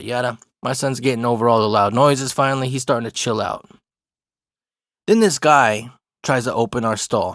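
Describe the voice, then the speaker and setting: A young adult man casually tells a funny story, swearing a lot and laughing often in a profane, laid-back way. His mid-range voice has a fairly bright tone, captured in clean studio sound with no room sound.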